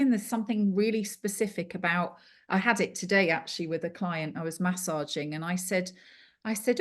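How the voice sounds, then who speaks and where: A woman being interviewed as a clairvoyant guest over a video call, talking in a chatty, animated storytelling way. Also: fairly low pitch, fairly quick. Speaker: clairvoyant and angel card reader guest.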